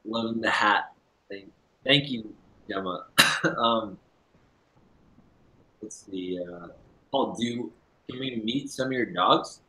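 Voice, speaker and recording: A man hosting a live-streamed interview and reading questions from the chat, hesitant with many ums, often trailing off quietly. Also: on the low side, takes it slowly, long pauses. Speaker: livestream host. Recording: echoey room.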